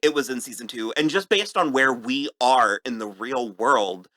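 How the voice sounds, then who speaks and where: A man co-hosting a podcast, chatting casually in a review, halting and laughing often. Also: medium pitch, sharp tone. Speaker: podcast co-host.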